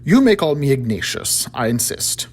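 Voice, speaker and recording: A man voicing a courteous Victorian earl who talks in a booming, hearty way. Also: very animated, moderate pace, slightly rough. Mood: welcoming. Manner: booming and warm in welcome.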